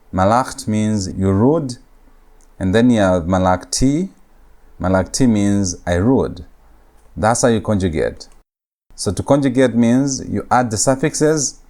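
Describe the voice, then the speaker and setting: A man's voice: lowish voice, darkish tone. A man giving a recorded lecture as a language teacher, explaining step by step and repeating key points. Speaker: Hebrew teacher.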